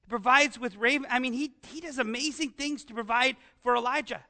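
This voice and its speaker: High, bright-voiced preacher. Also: male voice, fairly quick. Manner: animated, asks the congregation rhetorical questions. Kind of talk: conversational sermon. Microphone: amplified microphone with some feedback.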